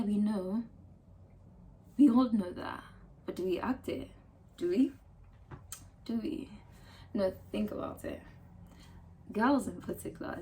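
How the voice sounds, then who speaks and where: A woman with a Ghanaian accent giving casual advice to camera in an emphatic, animated way, full of rhetorical questions. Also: mid-range voice, a little hiss or hum. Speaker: lifestyle vlogger.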